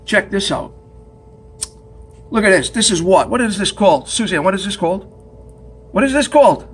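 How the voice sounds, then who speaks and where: A man's voice: sits high, expressive, moderate pace, slightly rough. A man teaching pottery at the wheel in a studio, chatty and joking as he demonstrates step by step.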